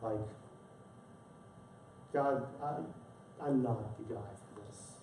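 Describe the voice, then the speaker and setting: A man's voice: fairly low pitch, extremely slow, warm tone, slight background noise. Man preaching in an echoey church. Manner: earnest storytelling, repeats words when emotional. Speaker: pastor. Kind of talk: sermon. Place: church sanctuary. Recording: echoey distant church sound.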